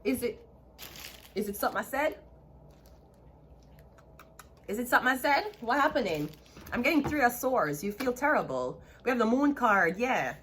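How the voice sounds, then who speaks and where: Jamaican-accented female tarot reader, higher pitch, excitable and repetitive delivery. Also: fairly quick, a little hiss or hum. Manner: excitable, chatty, repeats herself. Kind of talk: casual tarot reading to camera.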